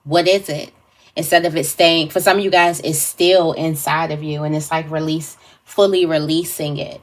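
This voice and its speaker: Low-voiced woman giving a rambling spiritual reading. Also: steady tone, moderate pace. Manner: meandering, thinks aloud with fillers and restarts. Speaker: tarot reader. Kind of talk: casual spiritual reading to camera.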